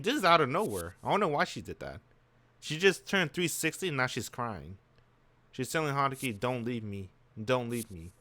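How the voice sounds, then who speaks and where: A man's voice: fairly high pitch, sharp tone, no room sound. A man streaming a visual novel, musing aloud in casual slang as he reacts to the story. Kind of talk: casual let's-play commentary.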